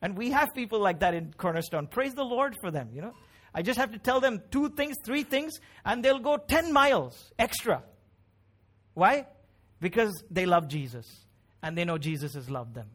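A man's voice: high-pitched, lively intonation, normal speed, fairly bright tone. A middle-aged man preaching a sermon in a conversational, emphatic way, often asking "right?" and "you know?". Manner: conversational, emphatic preaching with frequent tag questions. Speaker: pastor.

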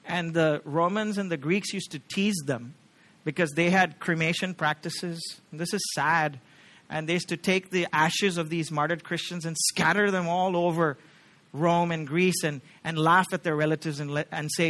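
A man preaching a sermon in a church, earnestly asking the congregation questions and moving between hushed gentle passages and loud emphatic peaks. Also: a little high, fairly even intonation, normal speed. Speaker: pastor.

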